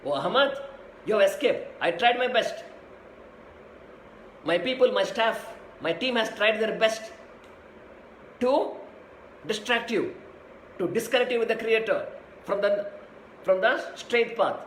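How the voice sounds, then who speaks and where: A frustrated devil, as a man puts him on during a sermon, complains in a rising, insistent run of grievances. The voice sits fairly high for a man. It rings in an echoey room with a faint hum behind it. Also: animated, measured pace, pauses often, a bit bright. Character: frustrated male devil pleading with a dying saint.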